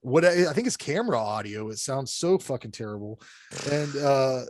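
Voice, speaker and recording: A man's voice: mid-range voice, big pitch swings, a little mellow, dry recording. Blunt, swearing man ranting in a dry room. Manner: blunt, ranting, swears often, quick laughs. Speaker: podcast co-host reviewing horror films. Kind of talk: casual profane chat.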